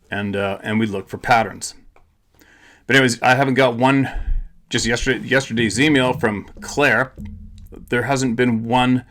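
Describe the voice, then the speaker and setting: A man's voice: medium pitch, a bit bright. A tired man hosting his own channel, talking to viewers in a blunt, casual monologue with swearing, repeats and restarts. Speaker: channel host.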